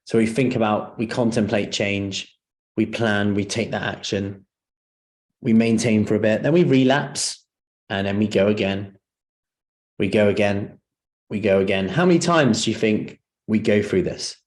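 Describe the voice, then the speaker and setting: A man, lower in pitch than most, leads a live seminar in a relaxed, conversational way. He keeps throwing questions out to the room as he coaches. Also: normal speed. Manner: conversational, asks the audience questions. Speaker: personal trainer leading a seminar.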